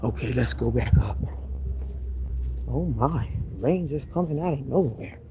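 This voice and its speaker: A man's voice: medium pitch, lively intonation, unhurried, noisy background. A man hosting a casual live stream, greeting viewers by name and laughing often while he walks from his home out into the yard on a phone. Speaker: livestream host. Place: home, indoors then outside in the yard. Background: faint rain.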